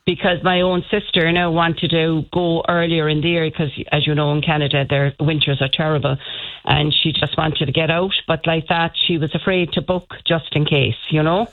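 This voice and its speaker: A woman's voice: deep voice, flat delivery, normal speed. A woman with a Cork Irish accent calling a radio show and telling a rambling, friendly story. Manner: chatty, rambling, warm storyteller. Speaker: radio caller. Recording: tinny phone line.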